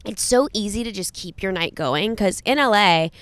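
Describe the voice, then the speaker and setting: A woman in her thirties co-hosting a podcast, chatting casually and quick to laugh. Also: mid-range voice, animated, a bit bright, no echo. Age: 30s. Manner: chatty, laughs and cries easily. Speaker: podcast co-host. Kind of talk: casual chat.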